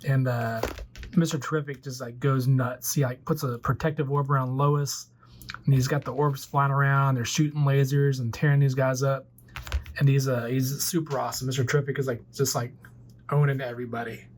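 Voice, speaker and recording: A man's voice: mid-range voice, flat delivery, moderate pace, a little hiss or hum. A man in his forties casually retelling a movie plot as a toy collector vlogger, rambling loosely with lots of fillers. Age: 40s.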